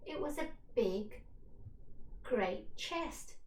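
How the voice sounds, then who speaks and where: Woman teacher, storybook read-aloud, very slow and clear, expressive, echoey room, distant from the mic. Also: a little high, slight background noise.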